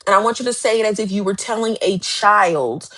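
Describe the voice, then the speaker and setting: A woman's voice: mid-range voice, brisk, a bit bright. Woman, life coach, emphatic, repetitive, direct, live motivational talk.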